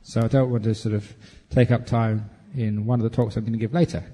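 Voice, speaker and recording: A Buddhist monk answers retreat questions about meditation with easy humor and a mellow, warm tone. His relaxed, playful delivery rings out with a long reverb, as if he were speaking in a big hall. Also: on the low side, brisk.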